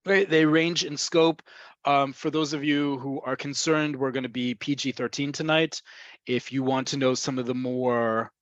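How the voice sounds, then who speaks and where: Guy teaching hebrew words on a webinar, repeats stuff so it sticks, dry flat sound. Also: medium pitch, moderate pace, no room sound. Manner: explains patiently, repeats key points. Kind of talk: online webinar lesson. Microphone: video call. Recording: dry, dull video-call audio.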